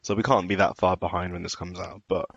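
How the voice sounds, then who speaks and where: Podcast co-host, light Birmingham accent, chatty and easygoing, lowish voice, dry sound. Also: male voice, flat delivery, fast, vocal fry, fairly bright tone, husky, no echo, muffled recording. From Birmingham, England. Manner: chatty, laughs easily, restarts sentences. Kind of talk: casual chat.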